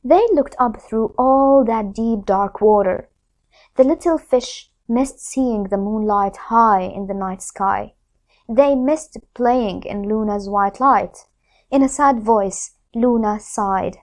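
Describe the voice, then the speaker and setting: A woman teacher reading a storybook aloud to children in a slow, expressive way. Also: a little high.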